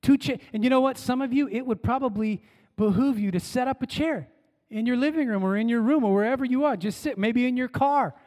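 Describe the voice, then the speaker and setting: High-voiced pastor in an echoing church. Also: male voice, fairly quick. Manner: dynamic, swinging from emphatic calls to hushed words; call-and-response with the congregation. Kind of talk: sermon. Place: church sanctuary. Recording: long church-hall reverb.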